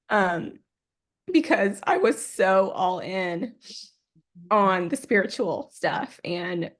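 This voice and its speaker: A woman in her forties, a podcast guest, telling a personal story in a lively, unfiltered way, acting out what people said. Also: medium pitch, slow pace. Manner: animated, acts out quoted dialogue, swears freely.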